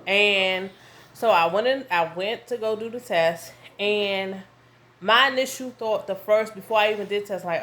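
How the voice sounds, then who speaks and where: A woman, telling a casual story to her viewers at home, animated and full of asides. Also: mid-range voice, a little slow. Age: 30s. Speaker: vlogger. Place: home with her young son nearby.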